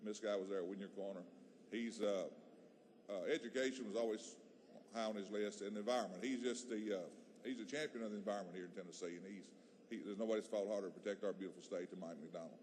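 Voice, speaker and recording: Low-voiced man giving a heartfelt tribute. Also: a little mellow, slight background noise. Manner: heartfelt, halting, with restarts. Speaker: state legislator. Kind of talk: emotional floor tribute speech. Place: large legislative chamber.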